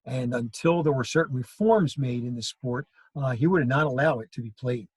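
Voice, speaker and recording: A man's voice: mid-range voice, normal speed, slightly rough, low-quality recording. A male history teacher giving a classroom lecture, telling stories and acting out quoted lines. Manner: storytelling, acts out quoted lines.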